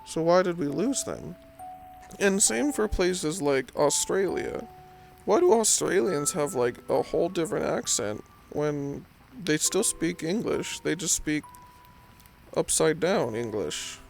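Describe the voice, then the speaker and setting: A man's voice: on the high side, lively intonation, slow, creaky, a little mellow, soft background music. A young man from California with a Californian accent, rambling in meandering late-night pillow talk and filling it with "like" and "um". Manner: meandering, self-deprecating, lots of "like" and "um". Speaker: host.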